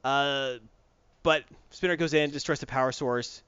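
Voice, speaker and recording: A man's voice: mid-range voice, fairly even intonation, normal speed, a bit bright, clean tone, no echo, highs cut off. A man in casual chat, recapping a comic book plot with mocking put-on voices for the characters. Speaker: comic book podcast co-host.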